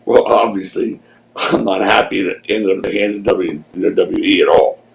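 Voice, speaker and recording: Podcast guest, man in his 60s, raspy storyteller, casual and profane, echoey room. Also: deep voice, brisk. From Philadelphia. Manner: animated anecdotes, swears freely. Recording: roomy echo.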